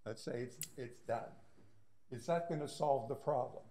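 A man speaking as a resident at a public meeting, insistent and halting, with many fillers. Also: mid-range voice, warm tone. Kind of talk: heated public comment.

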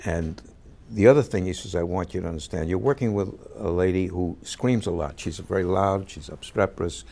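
A man, an actor, telling a backstage anecdote in an interview, lively as he acts out the voices of the people in the story. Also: low-pitched, a little fast, slight background noise. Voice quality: gravelly, husky. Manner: animated storyteller who acts out quoted voices.

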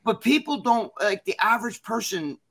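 A man's voice: high-pitched, animated, normal speed, vocal fry, sharp tone. A man being interviewed, talking casually and rambling, with lots of swearing and fillers. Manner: rambling, profane, many fillers. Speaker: interview guest. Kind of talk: casual chat.

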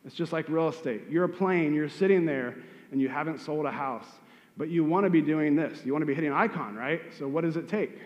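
A man's voice: fairly high pitch, fairly quick, darkish tone, in a large hall, muffled recording. A man who is a real estate agent, giving direct coaching advice to newer agents and asking rhetorical questions. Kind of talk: motivational advice talk.

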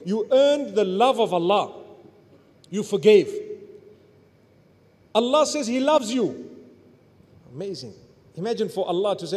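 High-voiced male preacher in echoing hall. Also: very animated, measured pace, long pauses. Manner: rises to near-shouts, then drops to soft low murmurs. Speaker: Islamic preacher. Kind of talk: sermon. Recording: long hall reverb.

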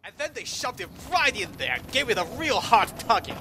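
A man with a very high, expressive, bright voice delivers comedic gameplay commentary at a normal pace, voicing the player character. His tone is forceful, sarcastic, profane and exasperated, with slight background noise.

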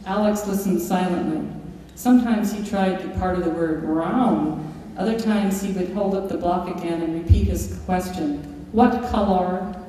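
A woman author lectures in a large, echoey hall with the mic far off, her voice on the low side and dark in tone, at a moderate pace, with a little hiss or hum. She reads from her book and tells stories, with occasional fillers and restarts.

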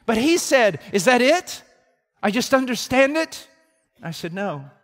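Male preacher, high-voiced, storytelling sermon that swings from hushed to shouting, reverberant church hall. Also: big pitch swings, a little slow, faint music behind.

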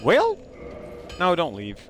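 A man streaming a game live, chatting playfully with viewers and breaking into sudden high exclamations. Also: wildly swooping pitch, takes it slowly, a bit bright, faint music behind. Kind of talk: casual live-stream chat while playing.

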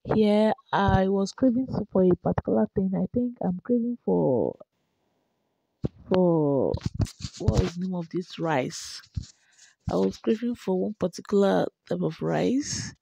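A woman's voice: medium pitch, animated, unhurried, creaky, mellow, husky, rough recording. A young woman, chatting emotionally about her pregnancy in a vlog, often repeating herself and laughing. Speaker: vlogger. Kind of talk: personal vlog narration over clips.

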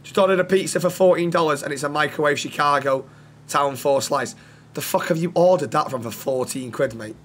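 A man's voice: on the high side, brisk, a bit bright. A man streaming a roleplay game, chatting casually with lots of swearing and teasing banter.

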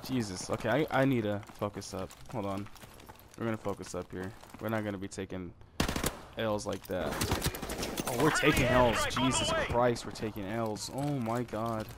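Profane young gamer ranting over gunfire. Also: male voice, on the low side, moderate pace. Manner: rambling, swearing, trash-talking, excitable. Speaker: gamer streaming commentary. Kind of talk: profane live gameplay commentary. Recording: noisy gameplay audio with gunfire. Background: game gunfire and clicks.

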